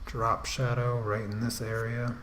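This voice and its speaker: Male artist-host, unhurried, lowish voice, rambling livestream commentary from his home drawing desk, with a faint hum behind him. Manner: relaxed, rambling, talks to himself while working; self-deprecating asides with frequent restarts. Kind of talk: casual running commentary while drawing on a livestream.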